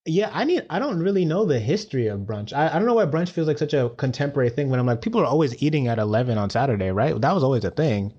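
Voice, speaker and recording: A man's voice: mid-range voice, big pitch swings, quick pace, hardly any pauses, dark tone, breathy edge, highs cut off. A man co-hosting a podcast in casual chat. He rambles, with many restarts and "like"s and "you know"s. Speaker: podcast co-host.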